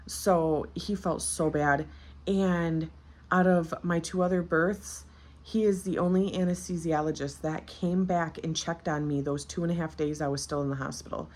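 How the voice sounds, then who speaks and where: Vlogger, woman in her 30s, low voice, candid and chatty, fresh from childbirth. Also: steady tone, normal speed, a little mellow. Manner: candid, chatty, frequent fillers. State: recently postpartum. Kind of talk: casual storytelling.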